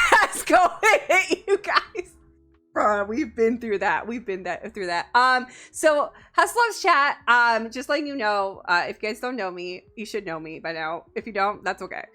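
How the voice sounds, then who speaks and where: Playful woman streamer from the US, bright and lively, teasing chat with lots of giggles. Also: mid-range voice, moderate pace, hardly any pauses, faint music behind. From United States. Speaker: VTuber streamer. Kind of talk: casual live-stream chat.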